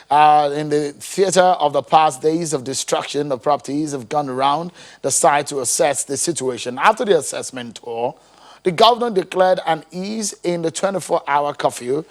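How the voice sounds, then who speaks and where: A man anchoring a live TV politics programme, speaking in a measured way with frequent fillers. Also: on the high side. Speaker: news anchor. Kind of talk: live TV news presenting.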